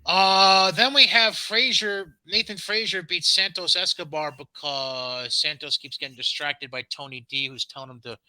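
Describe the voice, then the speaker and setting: Sarcastic bright-voiced podcast man. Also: a little high, steady tone, normal speed, few pauses, no room sound, low-quality recording. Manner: sarcastic, dismissive asides, frequent ums. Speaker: podcast co-host. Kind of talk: casual wrestling recap chat.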